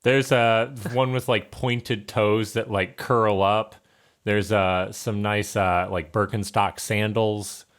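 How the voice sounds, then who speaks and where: A man narrating as game master, relaxed and halting with fillers. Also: lowish voice.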